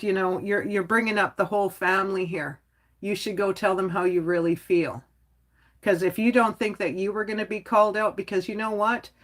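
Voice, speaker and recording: A woman hosting her own livestream, talking casually and bluntly, rambling with lots of "like" and chuckling as she goes. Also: mid-range voice. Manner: outspoken, rambling, frequent "like". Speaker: livestream host.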